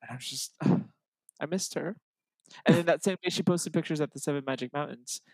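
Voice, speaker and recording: A young man co-hosting a podcast, telling a story in casual chat, animated and excitable, acting out the voices in the dialogue he retells. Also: a little high, normal speed, vocal fry, dry recording. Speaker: podcast co-host.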